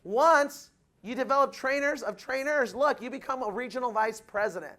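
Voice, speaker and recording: A man giving a loud, punchy motivational speech to new recruits, asking the crowd if they follow him, with the audience answering back. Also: very high-pitched, normal speed. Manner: acts out quoted people in changed voices. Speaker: motivational speaker at recruit orientation. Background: audience responding.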